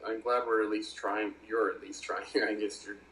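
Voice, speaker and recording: A man's voice: fairly low pitch, flat delivery, normal speed, fairly bright tone, echoey room, slight background noise, low-quality recording. A man co-hosting a casual chat, agreeable, chiming in with frequent mm-hmms. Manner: agreeable, lots of backchannel mm-hmms. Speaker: podcast co-host.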